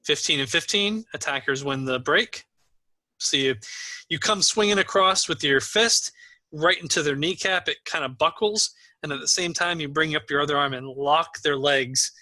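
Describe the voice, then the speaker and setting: A man runs a tabletop game as game master, his voice very bright and a touch high. He talks in an easygoing way with plenty of fillers. The sound is dry and close. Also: no room sound, rough recording. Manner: easygoing, with many fillers, still learning the player names.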